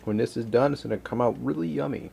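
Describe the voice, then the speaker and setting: A man's voice: medium pitch, fast talker, vocal fry, dark tone, slight background noise. A man hosting a casual home cooking vlog from his kitchen, rambling and joking as he cooks and chats to his dog.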